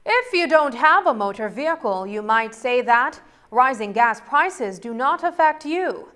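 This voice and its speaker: High-voiced woman reading the news. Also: lively intonation, fairly bright tone. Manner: crisp, measured news delivery. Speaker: news reporter. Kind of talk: scripted news narration.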